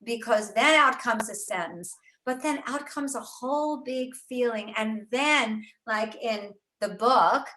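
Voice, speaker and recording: An older woman talks chattily and animatedly, full of fillers and restarts. Her voice is bright and forceful. The sound rings in a roomy home writing studio. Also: on the high side, measured pace, few pauses. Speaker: author and host. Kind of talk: casual conversation about writing. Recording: roomy echo.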